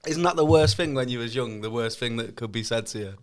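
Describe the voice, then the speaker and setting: A man co-hosting a podcast, dropping quick jokey one-liners into the chat. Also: mid-range voice, slight background noise. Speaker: podcast co-host. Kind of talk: casual chat.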